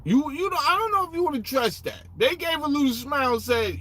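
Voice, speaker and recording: Profane, high-voiced man ranting. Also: brisk, few pauses, a little hiss or hum. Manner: profane, animated, street slang, sarcastic; rambling with restarts and asides. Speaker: political commentator. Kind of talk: casual ranting commentary.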